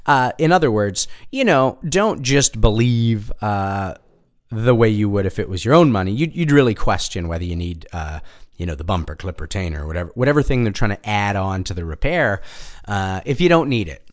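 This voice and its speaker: A man's voice: lowish voice, moderate pace. A man telling personal stories in a loose, rambling monologue, full of fillers, asides and swearing. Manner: rambling, animated, many fillers and asides, profane. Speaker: storyteller. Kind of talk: casual storytelling monologue.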